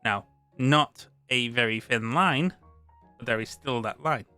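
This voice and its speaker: Bright, crisp-voiced British man. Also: medium pitch, a little slow, faint music behind. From Britain. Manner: reads aloud then chats, with restarts. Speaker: streamer reading a tabletop rulebook. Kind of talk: live-stream rulebook read-through.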